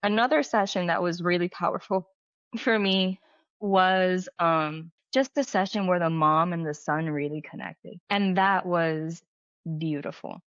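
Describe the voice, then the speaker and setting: A woman's voice: lowish voice, a little slow, a bit bright, no echo. A middle-aged woman, a medium and healer, telling stories in a casual interview, full of "like" fillers and acting out quoted dialogue. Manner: chatty, filler-heavy, acts out quoted dialogue. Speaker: medium and healer, podcast guest. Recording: dull lo-fi dry sound.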